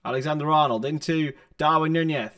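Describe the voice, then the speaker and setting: His fairly high, slightly bright voice moves a little fast as he narrates a football match live. The young man is hosting a watchalong stream, tossing casual remarks to viewers over his laptop mic.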